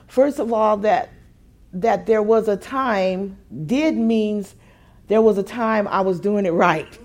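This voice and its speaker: A woman preaching a sermon, musing quietly at times and building to emphatic, repeated phrases at others. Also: mid-range voice, slow pace.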